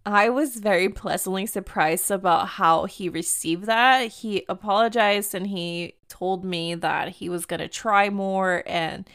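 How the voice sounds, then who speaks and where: A young woman telling a dating story in a chatty, animated way, acting out quoted lines. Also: medium pitch, clear, resonant tone. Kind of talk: casual storytelling.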